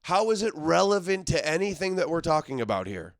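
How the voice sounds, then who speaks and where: A sarcastic male livestream host who talks back to clips and chat in an exasperated tone. His voice sits a little high for a man, and the sound is dry and close, with no room around it. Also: very animated, brisk, no room sound. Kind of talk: live commentary reacting to clips.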